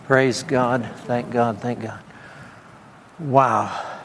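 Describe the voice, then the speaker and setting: This is a creaky, medium-pitched male voice with fairly even intonation and a moderate pace, over slight background noise. In informal charismatic ministry, he preaches and gives prophetic words in a casual way with laughing asides and repeated praise, the church meeting hall adding long reverb and faint ambience.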